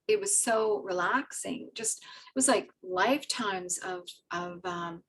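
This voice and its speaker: A woman telling a personal story in an animated, rambling way, laughing often and using many fillers. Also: medium pitch, far from the mic, a little hiss or hum, poor audio. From Britain. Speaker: guest telling her spiritual story.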